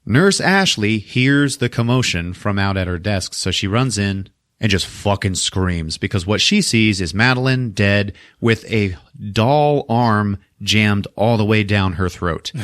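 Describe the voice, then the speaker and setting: A man recaps a horror movie in a loose, swearing, animated style, laughing between beats. His voice is lowish, and the recording is dry and close. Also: measured pace, no room sound. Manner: profane, laughing, animated storytelling. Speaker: podcast host.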